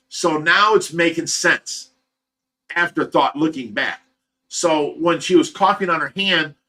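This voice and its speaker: This is a livestream host with an Ohio accent, talking casually and at length. His voice sits a little high and sounds bright and forward. He tells the story in a rambling, animated way and acts out the other people's lines.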